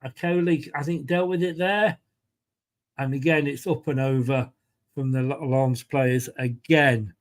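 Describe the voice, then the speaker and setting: Hosting a fan watchalong of a football match, this Englishman calls the action casually and talks with his viewers. He speaks a little slowly in a steady, mid-range voice.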